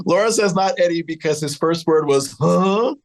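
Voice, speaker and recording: Young guy on a podcast, kinda high voice, recapping tv scenes and cracking jokes. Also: very animated, slow pace. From Connecticut, USA. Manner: playful, narrates scenes then jokes. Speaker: podcast co-host recapping a sitcom. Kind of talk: casual recap chat.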